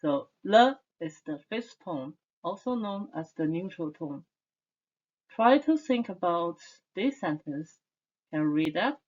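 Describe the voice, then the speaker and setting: Slow, patient woman teaching vowels. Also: fairly low pitch, lively intonation, darkish tone, lo-fi sound. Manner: slow, drawn-out demonstration sounds for repeating. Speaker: Chinese teacher. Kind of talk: online language lesson.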